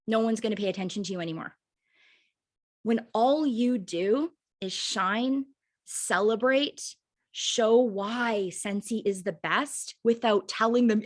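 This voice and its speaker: A woman's voice: fairly high pitch, fairly bright tone. A woman leading a sales team training over a video call, chatty and fired up, with many fillers and emphatic repeats. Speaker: direct sales team leader training recruits.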